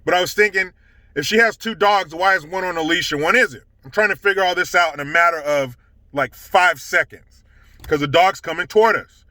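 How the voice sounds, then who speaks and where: A man's voice: sits high, fairly quick, sharp tone, no room sound. A man telling a casual story to camera, indignant and swearing heavily. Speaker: storytelling vlogger.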